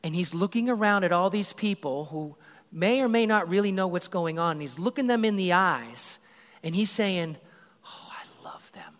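High-voiced animated preacher in a hall. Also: male voice, normal speed. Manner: animated storytelling, acts out crowd voices. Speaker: pastor. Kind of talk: sermon.

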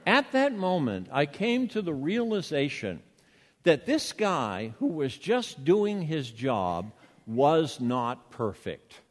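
A man's voice: a little high, sing-song, slow, long reverb tail. An older man with a Boston accent, a pastor preaching a sermon in a conversational storytelling way, with rhetorical questions.

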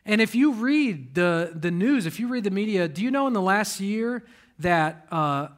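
A man's voice: high voice, lively intonation, moderate pace. A man, a pastor, preaching a conversational sermon in a church, emphatic and direct, putting rhetorical questions to the congregation.

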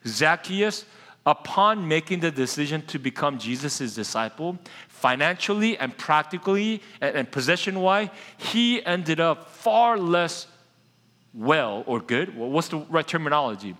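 A man with a high, bright, forceful voice preaches a sermon in a loose, chatty way. He talks straight to the congregation and throws questions at them. His voice rings with a long reverb in a church sanctuary. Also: sing-song, a little slow. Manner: casual, conversational preaching that addresses the congregation directly. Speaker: pastor.

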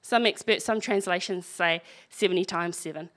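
A woman's voice: fairly low pitch, normal speed, a bit bright. A woman preaching a sermon, reading scripture aloud and breaking in with wry, conversational asides.

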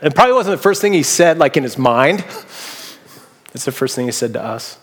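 A man from the Seattle area, a pastor giving a casual, story-filled sermon with relaxed fillers. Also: mid-range voice, brisk, breathy edge, big-room sound. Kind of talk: conversational sermon.

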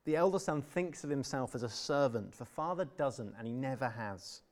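A young adult man preaches earnestly and emphatically, sometimes softening into a tender tone. His voice is medium-pitched with lively intonation at a normal speed.

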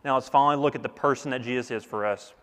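A male pastor preaching with earnest emphasis, his voice carrying a long reverb like a big hall. His pitch is mid-range, and he leans on repeated phrases to press his point home. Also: racing, a bit bright, clean tone. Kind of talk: sermon.

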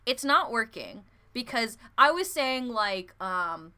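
A woman's voice: a little high, big pitch swings, slow pace, bright, forceful tone, clean tone. A young woman chatting casually as a podcast co-host, laughing often and playing with words. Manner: giggly, filler-heavy, playful with words. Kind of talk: casual chat.

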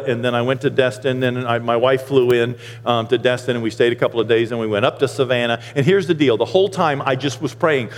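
A man preaching a sermon as pastor, animated and folksy with joking asides. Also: mid-range voice. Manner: animated preaching, rising loud for emphasis. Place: church sanctuary. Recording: long hall reverb.

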